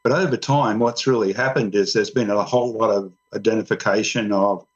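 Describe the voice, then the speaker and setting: Man, measured and explanatory. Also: lowish voice, fairly even intonation. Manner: thoughtful, explanatory, with frequent ums. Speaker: guest writer. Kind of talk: podcast panel discussion. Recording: slightly muffled lo-fi sound.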